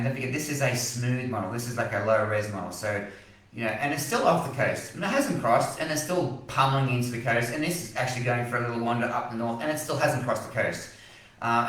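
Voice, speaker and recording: A man's voice: medium pitch, fairly bright tone, recorded from a distance. An Australian man hosts a live weather stream and rants with real passion about forecast models. His voice sounds set back from the microphone, and a strong room echo hangs on every word. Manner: passionate, ranting, apologetic. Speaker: weather page host.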